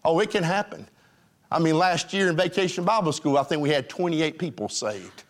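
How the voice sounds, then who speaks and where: A man preaching a sermon as pastor, addressing his congregation directly in a folksy way and swinging between emphatic lines and hushed ones. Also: a little high, a little fast.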